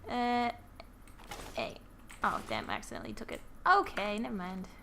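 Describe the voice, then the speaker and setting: A woman's voice: mid-range voice, huge pitch swings, normal speed, creaky, fairly bright tone, slight background noise. A woman casually commenting while she plays a video game, giggling often and muttering flustered, self-mocking remarks to herself. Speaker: gamer playing and commenting. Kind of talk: casual let's-play commentary.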